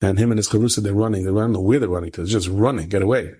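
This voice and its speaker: Rabbi guy telling a story, kinda breathy raspy voice, lots of repeating, gets animated. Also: rapid-fire. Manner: conversational, repeats phrases for emphasis, rising pitch when animated. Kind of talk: told story with a moral lesson.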